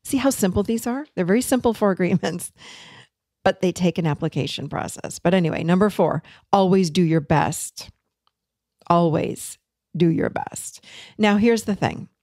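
A podcast host with a fairly low, mellow voice gives a casual teaching monologue on personal growth, earnest and conversational at a moderate pace. She acts out remembered dialogue, and the clean studio recording has no room sound.

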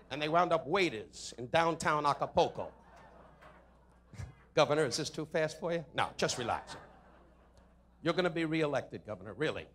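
A man's voice: a little high, a bit bright. Man roasting the room in jabs. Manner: rapid jabs, mock-sincere asides, frequent "anyway, uh". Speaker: comedian roasting the guest of honor. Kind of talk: insult comedy roast. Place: hotel ballroom at a benefit dinner.

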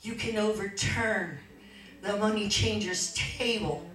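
A middle-aged woman preaching a fervent sermon, moving from quiet storytelling to shouted exhortation. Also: medium pitch, slow pace. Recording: echoey church from far off.

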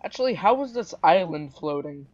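High-voiced man teasing over gameplay. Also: expressive, darkish tone, muffled recording. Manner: teasing, exasperated, quick to exclaim. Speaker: gameplay commentator. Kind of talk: casual gaming commentary.

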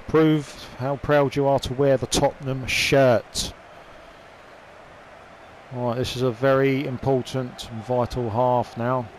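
A young man with a mid-range voice commentates casually over a football video game, with slight background noise. He swears and grumbles at the play, frustrated, and shouts at the referee.

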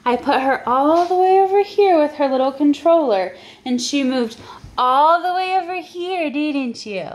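A mother at home talking to her little children, giggly and gently coaxing. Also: high-pitched, lively intonation, takes it slowly. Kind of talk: casual family vlog chat. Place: family home.

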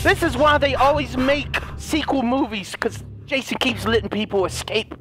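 Excitable high-voiced man over game music. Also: normal speed, few pauses. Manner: excitable, shouting, laughing, talking to game characters. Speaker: gaming commentator. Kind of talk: let's play commentary.

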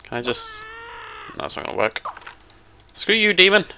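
Excitable British man, lively bright voice. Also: normal speed, slight background noise. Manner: excitable, jumps into high squeals when surprised or delighted. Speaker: let's play host. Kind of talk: casual gameplay commentary.

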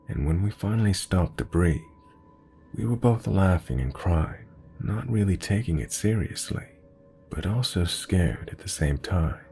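Deep dark-voiced guy reading a scary story, steady and measured, faint hiss behind. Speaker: horror story narrator. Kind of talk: scripted narration.

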